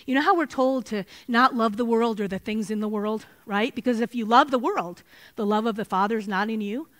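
Woman, middle-aged, Bible study teacher, earnest storytelling, fairly high voice, cites verses. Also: brisk. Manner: earnest, animated storytelling with Scripture citations.

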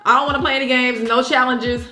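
A woman co-hosting a mukbang, talking in an animated, playful way and laughing often. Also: high voice, quick pace, roomy sound, soft background music. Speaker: co-host of a mukbang channel. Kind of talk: casual chat while eating.

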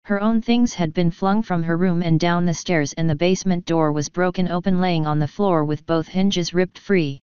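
A woman reading a fanfiction story aloud in a steady, even narration. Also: fairly low pitch, normal speed, few pauses, clean tone, no room sound. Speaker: fanfiction reader. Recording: dull lo-fi recording.

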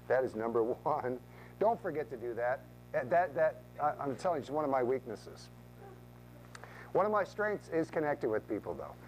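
A man teaching a room of real estate agents in a training talk, lively and acting out quoted voices, often repeating words as he goes. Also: fairly high pitch, slight background noise, poor audio.

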